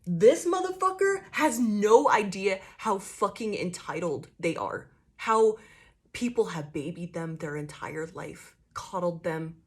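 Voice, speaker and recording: A woman's voice: medium pitch, expressive, unhurried. A young woman giving a casual tarot reading, blunt and profane, ranting with lots of fillers, jittery from coffee. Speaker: tarot reader.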